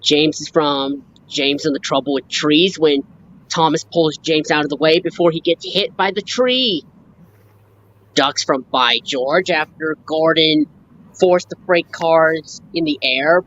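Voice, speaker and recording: Slow-talking woman fan on a live stream. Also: low-pitched, a bit bright, muffled recording, a little hiss or hum. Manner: slow, halting, lists scenes and quotes lines. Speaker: fan sharing a book collection. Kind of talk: casual live-stream chat.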